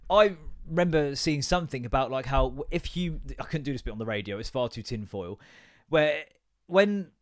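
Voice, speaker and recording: A man's voice: mid-range voice, lively intonation, moderate pace, no echo, studio quality. A young man hosting a podcast, ranting casually and swearing a lot as he rambles between asides. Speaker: podcast host. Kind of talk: casual comedic rant.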